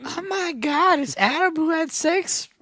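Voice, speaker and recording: A man voicing a gushing, starstruck fan in a high squeal, on a podcast. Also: animated, unhurried, bright, forceful tone, no room sound, studio quality, exaggerated voice.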